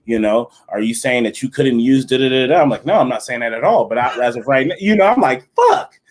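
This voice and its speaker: A man's voice: mid-range voice, quick pace. A young adult man co-hosting a casual podcast, talking in slangy, laughing banter. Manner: slangy, laughing, says bro a lot. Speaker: podcast co-host.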